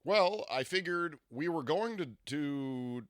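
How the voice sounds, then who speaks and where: A man doing a comedic impression of a formal, slow-talking man with an announcer-like voice. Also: on the high side, animated, clean tone, dry recording, clean studio sound, pitched above the performer's own voice.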